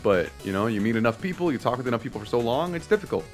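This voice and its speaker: A young man giving rambling, excitable commentary while playing a video game, joking, swearing and laughing at himself. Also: mid-range voice, very fast. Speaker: let's play host. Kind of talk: casual gameplay commentary. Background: faint game music.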